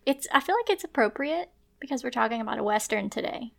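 A woman co-hosting a book podcast in casual, quick, giggly chat, recorded at home close to the mic. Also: a little high, lively intonation, vocal fry, a bit bright. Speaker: podcast co-host. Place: small room at home. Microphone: speaking close into the microphone.

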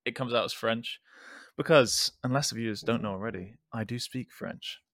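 A man co-hosting a podcast over a remote call, polite and soft-spoken, laughing often. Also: mid-range voice, moderate pace, no room sound, clean studio sound. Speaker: podcast co-host. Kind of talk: casual chat.

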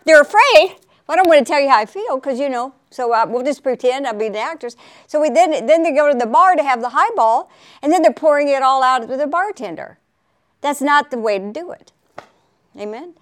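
A woman's voice: on the high side, fairly bright tone. A woman preaching in a chatty, conversational way on a faith talk show, laughing often and asking for an Amen.

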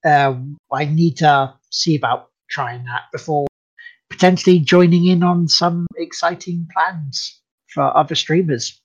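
A man's voice: fairly high pitch, measured pace, breathy edge. A man co-hosting a casual gaming show, dropping short dry jokes and asides. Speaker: podcast co-host. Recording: dull dry lo-fi mic.

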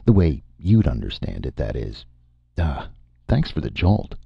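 A man's voice: rumbling low, sing-song, measured pace, vocal fry, husky, dry recording, lo-fi sound, exaggerated voice. A man voicing a pedantic male robot from the future who turns tipsy, in an audiobook reading. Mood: pompous. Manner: pedantic, slurring after the jolt.

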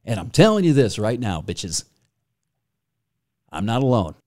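Over a faint music bed, a podcast host with a lowish, darkish voice tells stories and rants in crude, joking banter. His delivery is sing-song, unhurried, and profane.

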